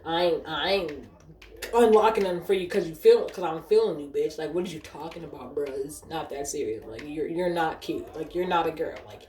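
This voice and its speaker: A woman's voice: sits low, a little fast, a little mellow. A woman telling a casual storytime about a customer at her job, blunt and profane. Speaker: store cashier telling a story. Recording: echoey room, faint noise.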